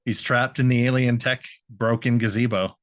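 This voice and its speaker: A man's voice: medium pitch, steady tone, moderate pace, dry recording, studio quality. A man co-hosting a podcast, recapping a cartoon episode in a rambling, laughing way, swearing and acting out lines. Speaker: podcast co-host.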